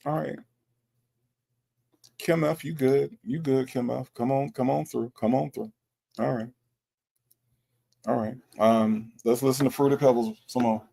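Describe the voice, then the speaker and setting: A man's voice: medium pitch, steady tone, measured pace, creaky, long pauses, mellow. A man hosting a reaction show, commenting on radio clips in an incredulous, mocking way.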